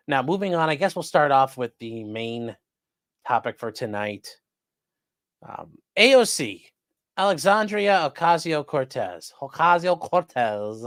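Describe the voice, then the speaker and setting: A man's voice: medium pitch, a bit bright, dry recording, studio quality. Sarcastic man hosting a livestream. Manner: sarcastic, rambling, talks to chat. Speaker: host of a live-streamed legal news show. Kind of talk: casual livestream commentary.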